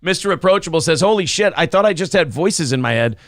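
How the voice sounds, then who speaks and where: A man's voice: a little high, animated, quick pace, dry recording, studio quality. A man co-hosting a morning talk show, joking crudely and reading viewer comments aloud. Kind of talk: crude casual banter.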